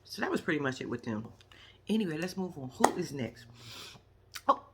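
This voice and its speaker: Sassy animated woman recapping reality TV. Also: deep voice, fast, very noisy. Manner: sassy, animated storytelling with acted-out quotes and laughs. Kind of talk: casual reality show recap.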